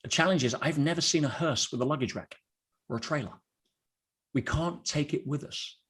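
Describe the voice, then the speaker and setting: A man's voice: fairly high pitch, normal speed, fairly bright tone, breathy edge. Blunt middle-aged male motivational speaker. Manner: blunt, storytelling, addresses listeners as guys. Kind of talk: motivational talk to an online audience.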